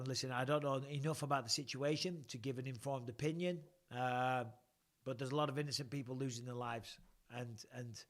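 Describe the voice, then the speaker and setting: A man's voice: a little high, a bit bright. A man in his forties hosting a casual live-stream chat, answering fan questions bluntly, swearing freely and rambling.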